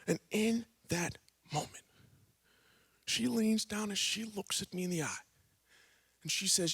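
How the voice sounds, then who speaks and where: A man telling a personal testimony in church, a dramatic storyteller who swings between hushed tones and shouting. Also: high voice, unhurried, gravelly, long pauses, slightly rough, dry recording, studio quality. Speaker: guest speaker.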